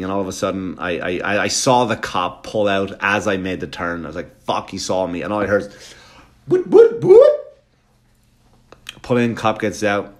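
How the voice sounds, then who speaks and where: Profane man telling a comic story. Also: lowish voice. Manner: profane, animated, keeps checking in with the listener. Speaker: comedian. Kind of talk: comedic storytelling.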